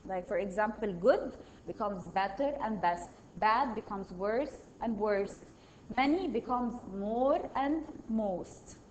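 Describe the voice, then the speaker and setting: A woman's voice: medium pitch, slow pace, a little mellow, slight background noise, poor audio. A woman teaching a primary school English lesson, patiently reading out exercises and praising each answer. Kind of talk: online grammar lesson.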